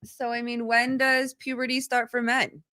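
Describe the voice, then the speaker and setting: A woman's voice: on the high side, normal speed. Woman casually telling a story. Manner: relaxed storytelling with fillers. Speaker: co-host. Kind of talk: casual live-stream chat.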